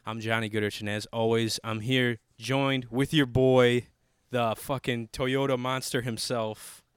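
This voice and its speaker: A man's voice: medium pitch, level tone, a little slow, smooth, no echo, clean studio sound. A young man hosting a podcast, bantering casually with fillers and swearing. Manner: joking, profane, loose with fillers. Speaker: podcast host.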